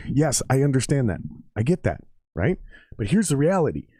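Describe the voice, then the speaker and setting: A man's voice: on the high side, very animated, fairly quick, dark tone, dry recording, studio quality. A man in his forties giving casual, profane live-stream commentary on a football game and chatting with his viewers.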